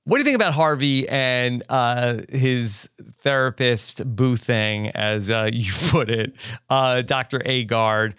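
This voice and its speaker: Smooth-voiced laid-back man host. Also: mid-range voice, takes it slowly, fairly bright tone, dry recording, studio quality. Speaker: podcast host. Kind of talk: casual recap chat.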